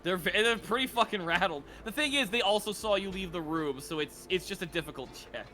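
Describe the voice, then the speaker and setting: Man, game master, high voice, swooping and animated, music playing behind, joking and cursing. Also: fairly quick. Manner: laughing, swearing, animated rulings. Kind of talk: running a tabletop game online.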